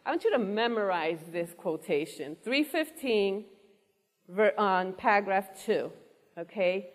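A woman's voice: medium pitch, animated, a little slow. A woman preaching a sermon to a congregation, earnest and engaging, often asking the room questions. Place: church hall before a congregation. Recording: long hall reverb.

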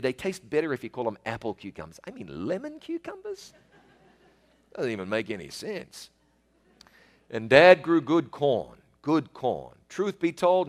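A man telling casual, joking stories about his garden, folksy and fond of repeating phrases for emphasis. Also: mid-range voice. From outside the United States. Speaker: storyteller talking with a pastor. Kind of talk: casual anecdotal chat.

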